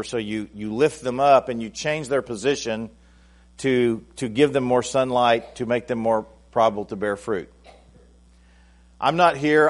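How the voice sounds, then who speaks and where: Preaching to his congregation, this pastor talks conversationally, often starting phrases over and building toward loud, forceful high points. His voice is pitched in the medium range.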